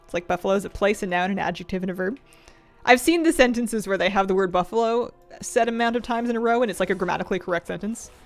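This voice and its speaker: A woman's voice: medium pitch, fast, faint music behind. A woman streaming a game, chatting casually in a rambling, playful way, laughing often and answering chat.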